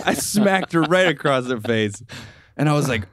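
A man co-hosting a podcast, telling a story in an unhurried way with hesitant fillers. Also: on the high side, sing-song, a bit bright, dry recording, clean studio sound. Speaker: podcast co-host. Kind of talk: casual storytelling chat.

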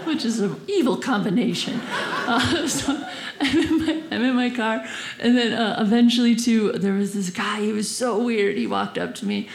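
Giggly high-voiced young woman comic. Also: normal speed. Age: young adult. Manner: giggly, animated, leaps to high pitch when acting out voices. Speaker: stand-up comedian. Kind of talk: stand-up storytelling. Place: comedy club stage. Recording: echoey club with background noise. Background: audience laughter.

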